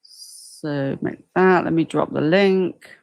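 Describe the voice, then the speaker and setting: A woman's voice: low-pitched, slow pace, gravelly, darkish tone, clean tone, no echo. Chatty woman hosting a livestream. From United Kingdom. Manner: chatty, reacts aloud to viewer comments. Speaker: livestream host. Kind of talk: casual livestream chat.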